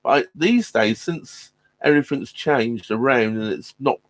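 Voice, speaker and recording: With no echo on the recording, a man speaks at a measured pace in a mid-range voice while hosting a relaxed live stream from his narrowboat. He rambles to viewers, stumbling through ums and restarts and laughing a lot.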